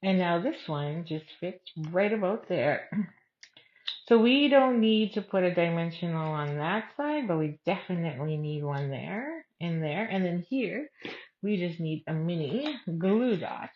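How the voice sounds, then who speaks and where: A woman's voice: fairly low pitch, animated, a little slow, muffled recording. Chatty woman demonstrating a craft. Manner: chatty, thinks aloud while working. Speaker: craft class host. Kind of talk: casual step-by-step craft demo.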